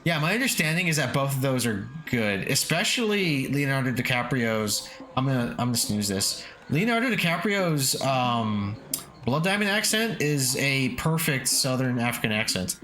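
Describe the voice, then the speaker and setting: A man's voice: medium pitch, very animated, normal speed, bright, forceful tone, a little hiss or hum. A man streaming games, chatting casually, reading chat aloud, swearing freely and chuckling often. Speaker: game streamer. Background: faint lofi background music.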